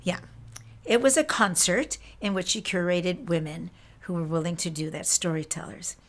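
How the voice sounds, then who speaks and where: A woman's voice: lowish voice, moderate pace. A woman hosting a storytelling program, introducing a concert in an easy, conversational way. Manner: conversational, with fillers and restarts. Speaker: radio show host. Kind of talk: casual spoken introduction.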